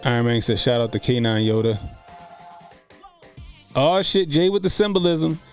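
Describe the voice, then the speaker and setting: A man hosts a casual live stream at a middle pitch, with faint music underneath. He rambles through profane, laughing stories and answers chat comments as they come in. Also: animated, moderate pace, clear, resonant tone. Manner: loose, profane, laughing storytelling. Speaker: streamer host.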